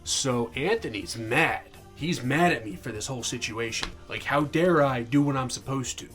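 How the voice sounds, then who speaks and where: A man's voice: medium pitch, moderate pace, a bit bright, soft background music. Young dude ranting about his old sergeant, lots of cussing. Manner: angry, profane, acts out quoted dialogue. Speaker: army veteran vlogger. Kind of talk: casual storytelling.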